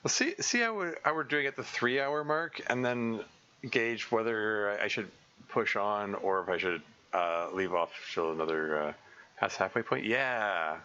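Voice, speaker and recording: A man's voice: on the low side, a little slow, bright, forceful tone, clear, resonant tone, lo-fi sound. A man streaming a visual novel, rambling and thinking aloud with many restarts.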